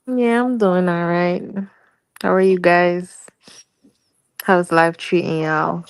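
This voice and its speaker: A young woman guest on an online panel chat, soft-spoken and giggling often. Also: lowish voice, steady tone, takes it slowly, smooth, dry recording, poor audio. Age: young adult.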